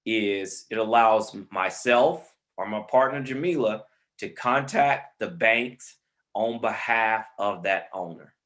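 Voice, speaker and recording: A man's voice: lowish voice, fairly bright tone. A man teaching a real estate webinar on a video call, informal and friendly, calling listeners man and brother. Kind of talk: online webinar instruction.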